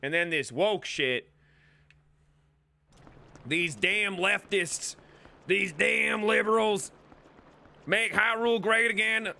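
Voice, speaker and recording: A man putting on a loud, blustering voice as a grumpy old-timer ranting about the old days. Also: high-pitched, slow pace, creaky, long pauses, voice pushed up, heavily acted.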